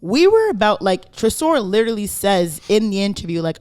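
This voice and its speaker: A woman's voice: medium pitch, sing-song, brisk, few pauses, a little mellow. A young woman, co-hosting a podcast in casual chat and driving her points home with "right?" and "okay?". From Canada. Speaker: podcast co-host.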